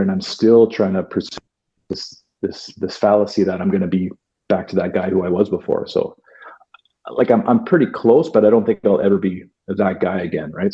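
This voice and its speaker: A man from Canada, a podcast guest, speaking in an earnest, halting way with many fillers and restarts. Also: low voice, mellow, lo-fi sound. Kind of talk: reflective interview talk.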